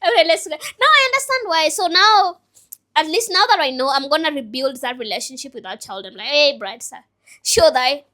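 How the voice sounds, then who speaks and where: Bright-voiced young woman, candid and emotional. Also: sits high, lively intonation, a little fast. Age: 20s. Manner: emotional, rambling, self-reflective. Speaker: vlogger and business owner. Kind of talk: candid personal vlog.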